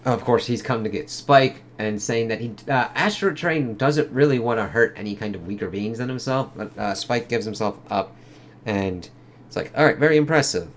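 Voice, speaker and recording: A man's voice: on the low side, normal speed, a little hiss or hum. Profane casual male comic reviewer. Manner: loose and profane, lots of fillers.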